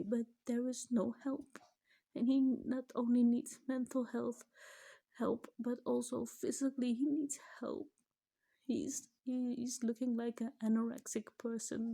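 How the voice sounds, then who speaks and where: On the high side with vocal fry and a dark tone, this woman's voice trembles and breaks as she nears tears. She's a middle-aged mother making an emotional personal vlog, at times falling to a whisper.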